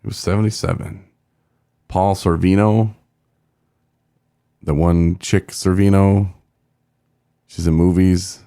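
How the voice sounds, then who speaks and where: Man, very low voice, gravelly, dry close sound, rambling casual podcast chat. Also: flat delivery, takes it slowly, long pauses, mellow, dry recording. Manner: rambling, jokey, trails off. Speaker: podcast co-host.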